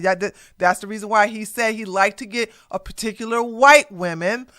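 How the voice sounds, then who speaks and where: A woman's voice: fairly high pitch, fairly bright tone. A woman hosting reaction commentary, blunt and mocking, with a profane edge. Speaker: commentary host.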